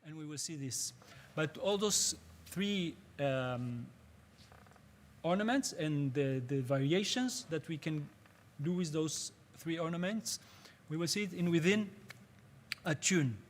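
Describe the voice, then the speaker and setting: A man teaching a music workshop, speaking patiently and haltingly as he searches for words in English. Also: a little high, lively intonation. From Israel. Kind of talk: spoken workshop lecture.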